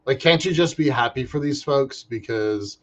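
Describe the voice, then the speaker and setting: A man co-hosting a podcast, chatting casually about space industry news in an animated way, often restarting his sentences. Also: mid-range voice. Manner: animated, halting with restarts and fillers. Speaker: podcast co-host. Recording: muffled lo-fi audio.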